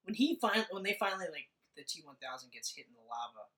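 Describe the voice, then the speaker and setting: A man in casual chat about a movie, talking excitedly and swearing a lot. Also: sits high, quick pace, distant mic, rough recording. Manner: excited, profane, swears often.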